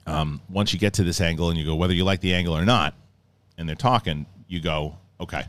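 Middle-aged man, low-pitched, loose rambling review commentary with plenty of restarts. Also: brisk, fairly bright tone, no echo. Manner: rambling, acts out scenes in mock voices. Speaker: show reviewer.

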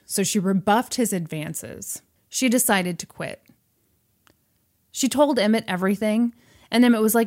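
A woman casually retelling a film's plot to a friend, acting out the characters' lines in quick asides. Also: mid-range voice, animated. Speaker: podcast host retelling a film plot. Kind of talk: casual storytelling chat.

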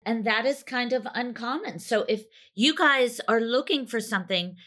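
A chatty woman co-hosting a relaxed conversation with friends. Her voice sits a little higher than most. She moves easily between banter and upbeat sponsor reads. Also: normal speed, few pauses. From United States. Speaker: podcast co-host. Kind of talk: casual chat.

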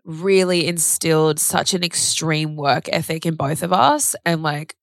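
Co-hosting a podcast in casual conversation, a young woman talks candidly and emotionally, using "like" constantly and swearing now and then. Her low voice is creaky and a little slow. It's studio-quality audio with no room sound.

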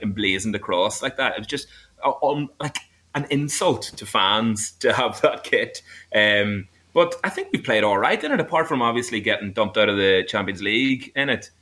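Bright-voiced, chatty man on a podcast. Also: lowish voice. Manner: chatty, laughs easily. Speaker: podcast co-host. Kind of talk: casual podcast chat.

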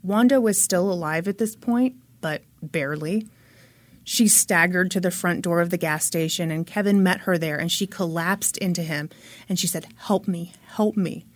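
A woman's voice: lowish voice, normal speed, no room sound. A woman hosting a podcast, telling a true-crime case in a chatty, dramatic way and swearing freely. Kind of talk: casual storytelling.

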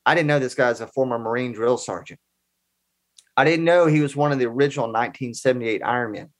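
A man's voice: mid-range voice, fast talker. A man in his forties telling personal stories as a guest in a casual interview, in an earnest, conversational way. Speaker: podcast guest.

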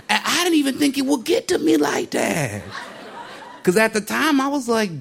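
A male stand-up comedian telling a story in an animated, conversational way and slipping into voices for the people in it. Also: very high-pitched, moderate pace, gravelly, some chatter behind.

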